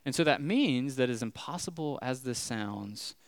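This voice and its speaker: A pastor in his thirties gives a sermon in a medium-pitched voice with lively intonation at a normal speed, with no echo. He tells a personal story loosely and chattily, full of fillers, growing more animated as he retells scary moments, before turning to the scripture passage.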